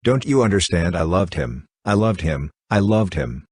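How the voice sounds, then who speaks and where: A man's voice: low voice, animated, normal speed, slightly rough, no echo. A man voicing a grieving young woman in an audiobook reading, with an earnest, mournful delivery.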